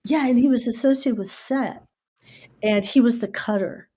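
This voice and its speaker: A middle-aged American woman hosting a casual podcast, telling stories with lively asides and spelling out words letter by letter. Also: a little high, moderate pace, husky. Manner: animated storyteller who spells out words letter by letter. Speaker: podcast host.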